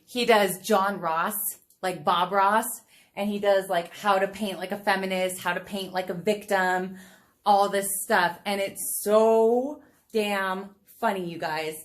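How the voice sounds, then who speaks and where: A woman's voice: medium pitch, steady tone, unhurried. A woman streaming from home as she paints, chatting in a bubbly way with her viewers and laughing often. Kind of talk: casual chat while painting live. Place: home room, not a studio.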